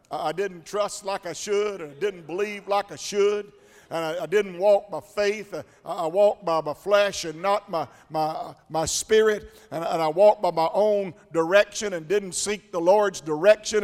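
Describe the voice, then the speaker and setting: A male preacher delivering a rhythmic call-and-response sermon that builds into shouts. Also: high voice. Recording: long church hall reverb with faint congregation.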